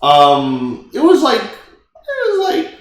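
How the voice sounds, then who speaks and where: A man's voice: extremely high pitch, wildly swooping pitch, slow. A man on a podcast telling a long casual story, full of fillers and restarts. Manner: rambling, many fillers, laughs often. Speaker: podcast co-host. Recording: echoey room.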